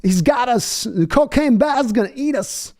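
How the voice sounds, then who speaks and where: A man putting on a high, strained impression of a panicked man trapped by a bear. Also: lively intonation, measured pace, a little mellow, exaggerated voice. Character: panicked Walken-style man cornered by a bear.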